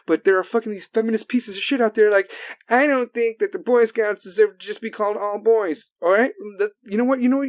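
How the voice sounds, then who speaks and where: Man, podcast host, profane rant, loud bursts then low muttering, dry close sound. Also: no room sound. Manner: swings between loud outbursts and low mutters; heavy cursing, heated.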